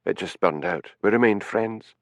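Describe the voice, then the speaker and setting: A man's voice: fairly low pitch, normal speed, no room sound, studio quality, natural voice. A man voicing a haughty, defensive middle-aged actress in an audiobook, with clipped, indignant speech. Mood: evasive.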